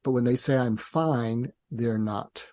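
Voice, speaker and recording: An older man speaks as a psychiatrist guest, explaining patiently and steadily. His voice is mellow and relaxed. The recording is dry and close. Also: medium pitch, no echo. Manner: calm, measured, acts out parent and teen dialogue. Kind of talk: conversational interview explanation.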